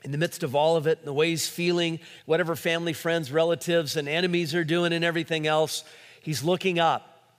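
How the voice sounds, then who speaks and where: A male pastor preaching a sermon in a relaxed conversational way, with frequent fillers and restarts. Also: fairly high pitch, fairly quick, in a large hall.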